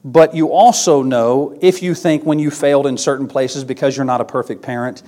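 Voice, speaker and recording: A man's voice: medium pitch, steady tone, normal speed, mellow. A man preaching a sermon in an earnest way, building emphasis through repeated phrases.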